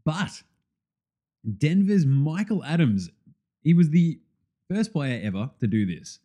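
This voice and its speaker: Taking his time, an Australian sports podcast host with a rather high voice offers excited, casual commentary, laughing and swearing freely.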